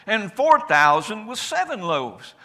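A man preaching in the first person as Jesus, a calm and certain adult man, with a declamatory delivery whose loudness rises and falls. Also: high voice, unhurried, full character voice. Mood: solemn. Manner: declamatory, rising and falling loudness. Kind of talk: first-person sermon monologue.

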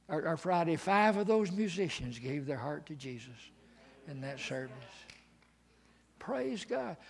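Male preacher, sermon delivery, high bright voice, slow and deliberate, big dynamic swings. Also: slightly rough. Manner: dramatic swings from hushed to shouting.

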